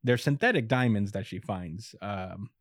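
A man's voice: fairly low pitch, measured pace, no echo, studio quality. A man in casual chat recapping an anime episode, laid-back and chuckly, with lots of fillers.

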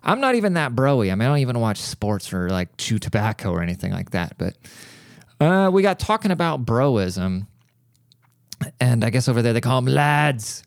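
A man's voice: medium pitch, big pitch swings, moderate pace, gravelly, no echo, studio quality. A man hosting a casual solo podcast, rambling and joking with plenty of swearing. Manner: rambling, profane, jokey storyteller. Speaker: podcast host. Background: cat crying at times.

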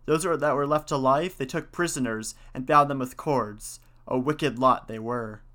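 Bright-voiced man telling a folk tale. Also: mid-range voice, normal speed. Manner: folksy, old-fashioned telling. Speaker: storyteller. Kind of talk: storybook narration.

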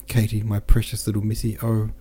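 A man's voice: fairly low pitch, monotone, a little fast, warm tone, breathy edge. A man voicing a wailing servant girl. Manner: lamenting, wailing.

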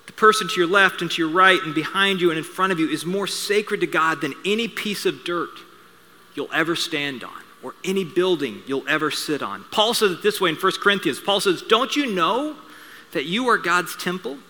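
A man's voice: fairly high pitch, expressive, fairly quick, bright, forceful tone, slight background noise. A man preaching a sermon as pastor, telling stories in a conversational way with joking asides. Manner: conversational storytelling with asides and humor. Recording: reverberant hall sound.

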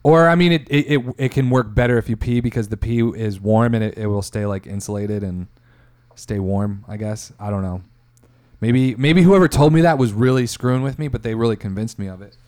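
A man's voice: mid-range voice, a little fast, darkish tone. Laid-back man trading jokes. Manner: laid-back, laughs a lot, plays along with jokes. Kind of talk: casual comedic chat.

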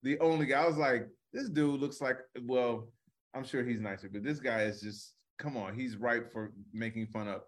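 A man's voice: medium pitch, moderate pace. A man co-hosting a comedy podcast in casual chat, joking and laughing often.

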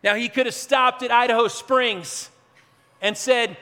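A middle-aged man preaching an Easter sermon as a pastor, telling a story earnestly and swinging between loud emphasis and hushed moments. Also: very high voice, fairly even intonation, measured pace, clear, resonant tone. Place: large church hall with live band. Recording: reverberant hall with faint band music.

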